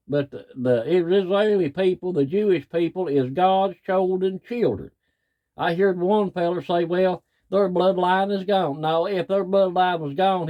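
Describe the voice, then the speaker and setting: Middle-aged man, cattle farmer, fired-up folksy rant, slightly high voice. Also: warm tone. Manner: plain-spoken, folksy, angry. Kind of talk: frustrated rant to camera.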